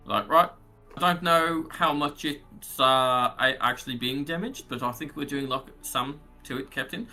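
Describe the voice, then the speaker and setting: A man playing a tabletop game, chatty and working through the rules out loud. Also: medium pitch, moderate pace, faint music behind. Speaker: player. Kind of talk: casual tabletop play.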